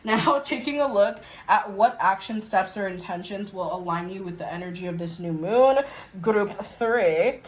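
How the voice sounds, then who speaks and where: A woman's voice: medium pitch, normal speed, reverberant, rough recording. A young adult woman giving a casual tarot reading to her viewers, chatty and blunt, laughing and swearing as she acts out exasperated remarks. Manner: acts out exasperated quotes in a mocking voice. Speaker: tarot reader.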